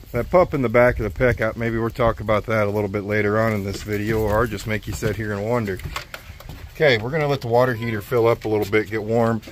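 A man's voice: lowish voice, a little hiss or hum. A man chatting casually to his viewers in a folksy, rambling, self-deprecating way while going about his day. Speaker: trucking vlogger. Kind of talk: casual vlog chat to camera. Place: at home and around town.

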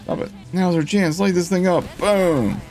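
A man giving casual, jokey commentary over his own gameplay, laughing often and getting excitable. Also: high-pitched, moderate pace. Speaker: gaming streamer.

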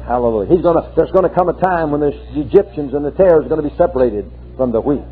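A man's voice: a little high, animated, fast talker, breathy edge. A man preaching a fervent sermon, breaking in with hallelujahs as he retells a scripture story. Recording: tinny lo-fi archive sermon tape.

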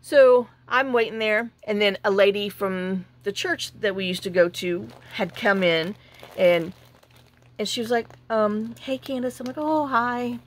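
A woman's voice: medium pitch, a little slow. A woman telling a long, indignant story in a casual vlog, full of restarts and acted-out dialogue. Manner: chatty and indignant, with many restarts and quoted dialogue. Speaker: journaling vlogger.

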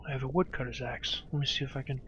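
A man casually commenting on his gameplay, swearing, muttering to himself and yelling at his companion. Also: medium pitch, little pitch movement, very fast, dull audio, a little hiss or hum. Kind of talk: casual let's play commentary.

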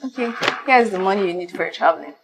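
An actress playing a trusting young woman with a Nigerian accent, soft and worried. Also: medium pitch, lively intonation, quick pace, close to an everyday voice, rough recording.

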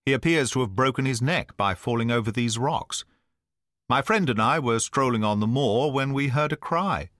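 A man reading the part of a sharp-minded male detective in an audiobook, speaking in crisp, urgent deductions. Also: mid-range voice, moderate pace, no echo, studio quality, close to an everyday voice. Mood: cool.

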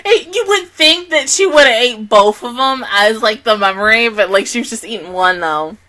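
A woman's voice: a little high, expressive, moderate pace, bright, forceful tone. A woman reacting casually to an anime episode, laughing often and speaking in loose slang.

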